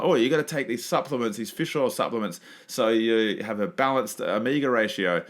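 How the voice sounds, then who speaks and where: Bright-voiced man, rambling podcast chat. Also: lowish voice. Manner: rambling, with many fillers and restarts. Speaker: podcast host. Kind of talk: casual podcast talk.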